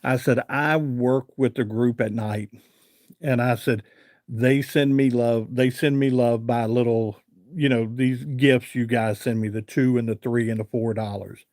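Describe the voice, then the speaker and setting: A man's voice: medium pitch, fairly even intonation, measured pace, a little mellow, no echo. Chatty man telling a story to his live chat, dry close sound. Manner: chatty, rambling with fillers and repeated "I said". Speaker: livestream host.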